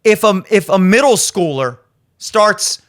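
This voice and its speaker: A man's voice: high-pitched, animated, a little slow, a bit bright. A man in his thirties hosting a podcast, giving blunt, profane opinion commentary and acting out the people he quotes. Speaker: podcast host. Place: studio.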